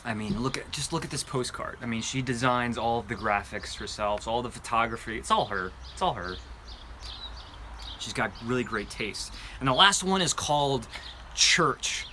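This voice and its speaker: A candle review channel host speaks in a mid-range voice at a moderate pace during a live show-and-tell. He's chatty and rambling, full of fillers, and eagerly describes the scents, with background noise audible.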